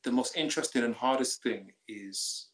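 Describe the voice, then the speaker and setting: A man in casual conversation as a guest, mid-pitched and playful, tossing in jokes about his wife. His voice carries a roomy echo. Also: normal speed, fairly bright tone. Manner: playful, joking. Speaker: podcast guest.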